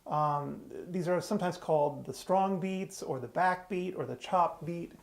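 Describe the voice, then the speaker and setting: A man's voice: a little high, unhurried, gravelly. A man teaching a beginner fiddle tune step by step, explaining patiently and plainly. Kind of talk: step-by-step music lesson. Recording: fiddle music playing loudly. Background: his own fiddle playing.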